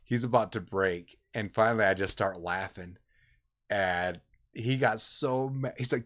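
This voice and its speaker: Streamer, middle-aged guy, lowish voice, acts out the voices in his story. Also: unhurried. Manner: animated, acts out voices, says man a lot. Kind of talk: casual storytelling while streaming a game.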